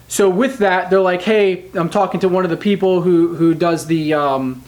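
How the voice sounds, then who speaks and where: Emphatic man telling a personal story. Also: high-pitched. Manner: candid, emphatic, often asks "right?". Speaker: motivational speaker. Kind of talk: storytelling monologue.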